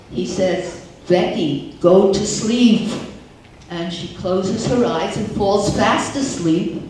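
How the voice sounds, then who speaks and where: A woman's voice: medium pitch, a little hiss or hum. An older woman telling jokes at a talent show in a chatty storytelling manner, recorded from far off in an echoey hall. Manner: slow, chatty storytelling with Yiddish words. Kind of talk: stage joke-telling. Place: large theater stage.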